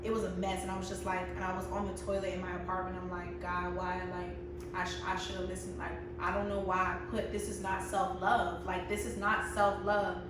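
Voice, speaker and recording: A young woman in her twenties telling a casual, animated story as a vlogger, often laughing and acting out her friends' lines. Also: mid-range voice, a little fast, background noise. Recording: very echoey room, mic at a distance.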